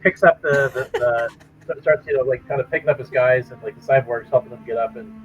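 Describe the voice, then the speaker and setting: A man narrating as game master in a casual, halting way, full of fillers and restarts. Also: medium pitch, soft background music. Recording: tinny phone-like call audio.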